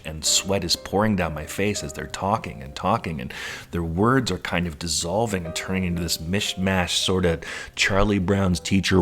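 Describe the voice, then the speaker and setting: A man in his late thirties telling a personal story in a lively, animated way, acting out the voices of the people in it. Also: sits low. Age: 30s. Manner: animated, acts out quoted voices. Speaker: storyteller recounting his life.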